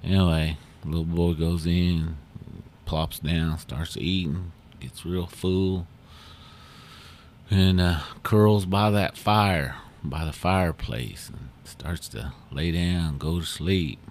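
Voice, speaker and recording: A man hosting a podcast who tells a story in an unhurried, folksy way with fillers. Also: low voice, steady tone, darkish tone, a little hiss or hum. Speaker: podcast host. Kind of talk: oral storytelling.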